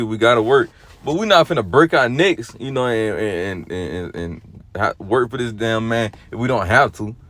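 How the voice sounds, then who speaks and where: A man in a dry, close recording gives a loose, rambling exhortation in a middle-pitched voice. He leans on fillers and restarts, often drops low and quiet, and at other times climbs into loud, animated bursts. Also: no echo. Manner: rambling, heavy on fillers like "you know" and "or whatnot"; starts low and subdued, then grows loud and animated. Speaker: lay religious teacher. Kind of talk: casual spoken exhortation.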